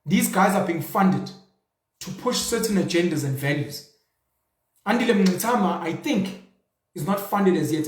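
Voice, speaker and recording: A young South African man hosting his own show, speaking in a passionate, rhetorical way with mocking asides. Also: on the high side. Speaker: show host. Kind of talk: casual commentary monologue. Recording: roomy echo.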